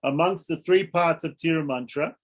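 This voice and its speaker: A man's voice: fairly high pitch, normal speed. A man giving a scripture lecture, explaining step by step and stressing key points by repeating them. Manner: explains step by step, asks "right?". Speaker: scripture teacher.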